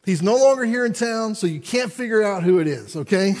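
A male pastor preaches in a loose, storytelling way and acts out each exchange with lots of energy. His voice sits high and swings widely in pitch, with a husky edge. A long hall reverb trails after his words. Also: a little fast. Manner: animated, conversational, acts out dialogue. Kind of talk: storytelling sermon.

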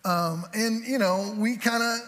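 Man preaching, high voice, joking asides, conversational sermon, long church reverb. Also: a little slow, a bit bright. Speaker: pastor. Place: church sanctuary. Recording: hall reverb from a church sanctuary.

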